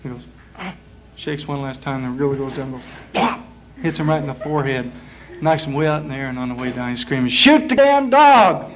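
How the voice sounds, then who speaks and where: A man telling jokes on stage in a small lounge, in a rambling, folksy way with many pauses and uhs. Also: mid-range voice, flat delivery. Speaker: performer. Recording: muffled 1960s live club tape.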